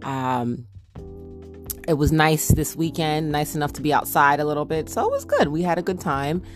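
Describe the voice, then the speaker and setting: Casting: low-pitched mom vlogger, slight Jersey twang, chatty, soft music bed. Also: female voice, big pitch swings. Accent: slight New Jersey. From New Jersey, US. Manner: chatty, quick, with fillers. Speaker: family vlogger, mother. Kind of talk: casual chat.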